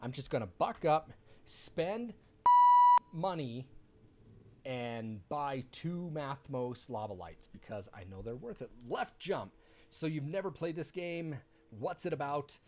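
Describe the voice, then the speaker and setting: A man's voice: fairly high pitch, expressive, slow. A man chatting casually while streaming a game, rambling and candid, with bitter, sarcastic asides. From United States. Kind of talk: casual live-stream chat.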